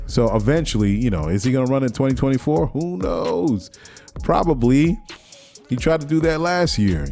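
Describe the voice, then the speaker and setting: A man's voice: lowish voice, dark tone. A man hosting his own podcast, giving a rambling solo commentary with lots of restarts while sniffling from a cold. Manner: repetitive restarts, mocking quoted voices. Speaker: podcast host.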